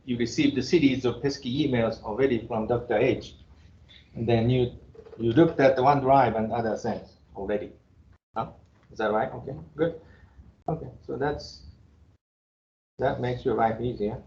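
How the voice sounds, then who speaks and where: A man's voice: mid-range voice, moderate pace, pauses often, dark tone. Man, Japanese accent, professor lecturing, blunt and joking, echoey classroom, muffled sound. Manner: blunt, joking, chuckles between remarks. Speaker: engineering professor. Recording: roomy, dull classroom recording.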